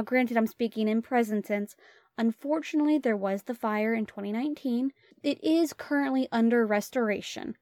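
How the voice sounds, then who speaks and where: A woman's voice: a little high, darkish tone, dry recording, studio quality. Earnest woman co-hosting a travel talk. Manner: earnest, addresses listeners as guys. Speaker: travel vlog co-host. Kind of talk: casual travel chat.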